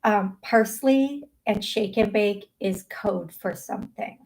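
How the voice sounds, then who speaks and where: A middle-aged woman hosts a live call-in psychic medium show, chatty and casual, laughing easily and using many fillers and restarts. Her medium-pitched voice is slow, a little mellow, and has vocal fry, heard in a low-quality recording.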